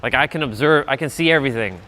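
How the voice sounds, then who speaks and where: A man's voice: medium pitch, fast, bright, forceful tone. A man livestreaming as he walks outdoors on a trail, telling stories in a loose, chatty, profane way and laughing often. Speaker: vlogger livestreaming a walk. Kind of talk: casual rambling storytelling.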